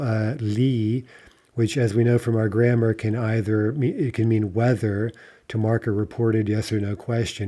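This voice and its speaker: A man teaching a lesson on reading poetry aloud, explaining step by step with frequent fillers and checking in with "right?", slowing down to recite lines carefully. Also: on the low side, warm tone. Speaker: Russian language teacher.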